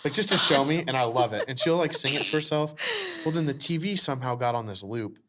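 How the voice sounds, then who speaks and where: A man hosting a relaxed faith podcast, chatting loosely with plenty of filler words. His voice sits at an ordinary middle pitch. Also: fast talker. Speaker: podcast host. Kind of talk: casual faith conversation.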